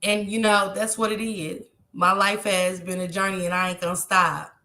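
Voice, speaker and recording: A woman's voice: mid-range voice, little pitch movement, normal speed, pushed and bright, reverberant. A tearful woman, talking heartfelt and repetitive to her viewers on a live stream.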